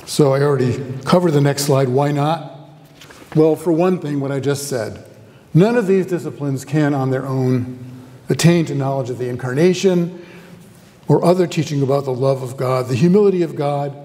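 A man delivers a university lecture with a somewhat high, mellow voice, speaking conversationally and turning to the audience with questions. His voice carries the long reverb of a lecture hall. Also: normal speed. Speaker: guest lecturer, theology professor.

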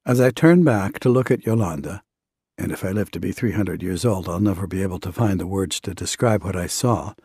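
Man, husky low voice, dry close sound, measured earnest narration of a devotional book. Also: a little mellow, dry recording. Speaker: audiobook narrator. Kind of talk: scripted first-person narration of a devotional book.

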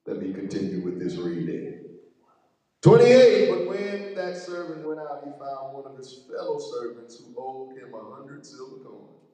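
A man's voice: medium pitch, animated, normal speed, mellow. A male pastor preaching a sermon, reading scripture and breaking off into asides and call-outs to his congregation. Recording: echoey hall, mic far off.

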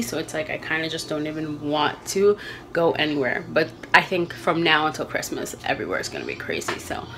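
A young woman vlogging from her home kitchen, rambling and thinking out loud as she talks about her family day. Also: fairly low pitch, slight background noise. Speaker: vlogger, mother. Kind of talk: casual home vlog chat.

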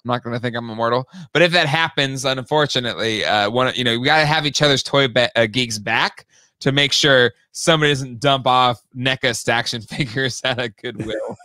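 A man co-hosting a toy podcast in casual chat, excitable and quick to laugh. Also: medium pitch, dry recording, clean studio sound. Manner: excitable, animated, laughs often.

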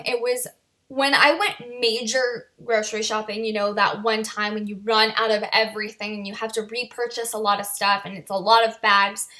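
Young woman in her 20s doing a storytime vlog, bright high-ish voice, says like a lot. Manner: chatty, lots of "like" and "you know". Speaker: vlogger.

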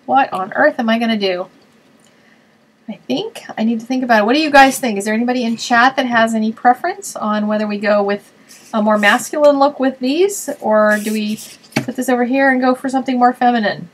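A woman's voice: a little high, a little fast, rough recording. A woman hosting a card-making web show, chatting casually and thinking aloud as she works on a live stream.

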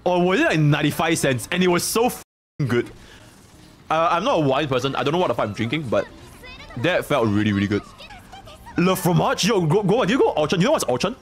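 A young man streaming, chatting casually, rambling and joking, with bursts of loud laughter. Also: on the high side, big pitch swings, fast talker.

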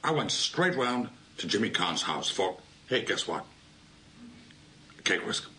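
An actor playing a petty, resentful middle-aged man who builds slowly to a furious punchline in a comedy sketch. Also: fairly low pitch, very animated, bright, forceful tone, slight background noise, exaggerated voice. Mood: aggrieved.

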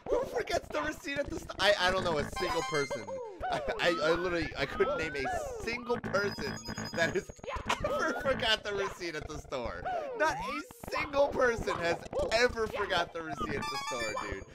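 Man, mock-serious rambler, wildly swooping voice, loud music bed. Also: high voice, moderate pace, poor audio. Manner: deadpan, fake-serious, stumbling restarts. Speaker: streamer telling a story. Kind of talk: mock-sincere rambling monologue.

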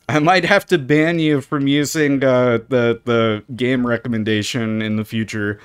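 A man's voice: medium pitch, fairly even intonation, measured pace, clean tone, dry recording. A man commenting casually while he plays a game, stammering, swearing and reacting with disgust. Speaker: streamer playing a game. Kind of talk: casual live gameplay commentary.

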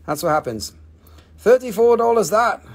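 A man's voice: high voice, animated, normal speed. A man hosting a live crystal sale, joking and swearing casually in loose, offhand phrasing. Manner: joking, profane, loose non-native phrasing.

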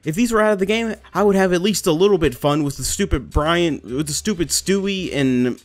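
A man's voice: sits high, fairly quick, faint music behind. A young man giving let's play commentary, frustrated and swearing as he rants about the game. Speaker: gamer.

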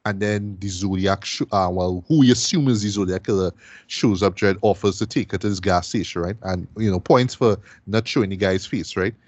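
Low-voiced man hosting a chatty film review. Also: brisk, dry recording. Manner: chatty, ends many phrases with "right?". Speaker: podcast host and film reviewer. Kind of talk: casual film review discussion.

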